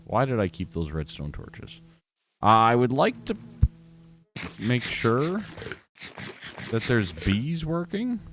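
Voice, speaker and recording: Chatty gamer guy, kinda low voice that bounces all over, faint music behind, joking at himself to viewers. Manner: chatty and self-mocking, talks straight to viewers. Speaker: gaming video host. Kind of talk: casual gameplay commentary.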